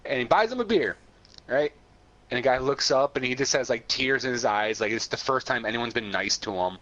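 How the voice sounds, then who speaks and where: A man's voice: medium pitch, lively intonation, fairly quick, fairly bright tone. A man co-hosting a pop-culture podcast, retelling a story in casual chat with lots of laughs, swearing and stammered restarts. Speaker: podcast co-host. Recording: dull lo-fi sound.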